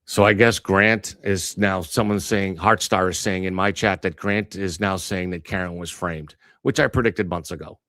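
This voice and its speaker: A man hosting a live stream, chatting in a measured way and repeating words as he starts. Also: deep voice, steady tone, a bit bright, no room sound. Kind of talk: casual chat.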